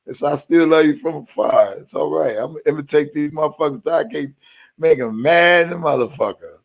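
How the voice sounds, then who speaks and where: Ranting on his live stream, this man swears heavily and talks straight to his viewers without softening anything. His voice is a little high and brisk, with vocal fry.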